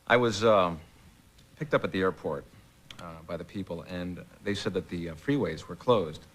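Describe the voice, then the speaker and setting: A man, a guest comedian on a television talk show, telling a rambling anecdote with many pauses and uhs. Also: deep voice, fairly bright tone. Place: television studio with audience.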